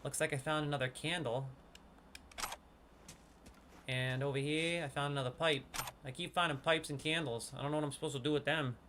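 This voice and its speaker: A man's voice: a little high, steady tone, a little fast, long pauses, a bit bright, slight background noise. A man with a New York accent hosting a gaming video, chatting casually and reading game text aloud. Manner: chatty, reads game lore aloud and muses on it. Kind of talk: casual gameplay commentary.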